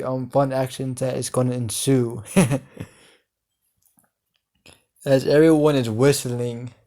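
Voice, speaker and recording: Guy making up a fan story as he goes, slow, lots of ums. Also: medium pitch, warm tone. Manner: hesitant, many fillers, laughs at own story. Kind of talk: improvised fan story narration.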